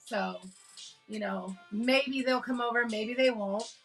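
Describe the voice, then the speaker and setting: A woman's voice: fairly high pitch, takes it slowly, fairly bright tone, soft background music, low-quality recording. A woman hosting a casual live stream from home, telling stories with lots of laughs and greeting her chat. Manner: chatty storyteller, laughs often, greets chat. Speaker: livestream host.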